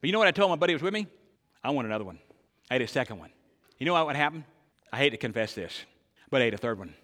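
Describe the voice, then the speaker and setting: An older male pastor preaches in a bright, forceful, mid-range voice, animated and rapid-fire. He poses questions to the congregation and shifts between loud emphasis and quiet, hushed lines. A long reverb rings through the sound, as in a large sanctuary.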